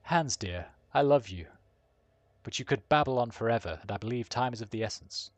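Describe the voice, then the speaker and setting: A man's voice: medium pitch, animated, fairly quick, no room sound, natural voice. A man voicing a flamboyant painted elf who lectures in a breezy, wry way.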